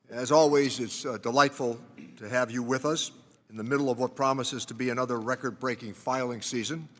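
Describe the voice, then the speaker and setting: A man of middling pitch delivers a measured, formal opening statement as ranking committee member. He reads from prepared remarks at a desk microphone. A long reverb from the large hearing room trails his words. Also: fairly bright tone.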